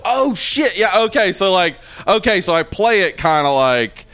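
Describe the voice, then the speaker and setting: A man's voice: high voice, big pitch swings, moderate pace, a bit bright. A man co-hosting a casual movie podcast, joking and laughing as he riffs. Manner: laughing, joking, puts on voices for quips. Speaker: podcast co-host.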